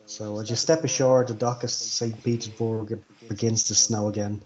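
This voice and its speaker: A man running a tabletop game as game master, narrating scenes in a halting, descriptive way. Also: fairly low pitch, flat delivery, warm tone, lo-fi sound.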